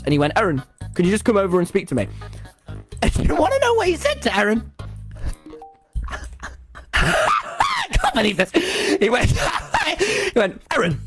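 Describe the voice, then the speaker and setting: Animated young guy telling stories. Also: sits high. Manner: animated, laughs a lot, acts out dialogue. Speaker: video creator. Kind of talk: comedic storytelling to viewers.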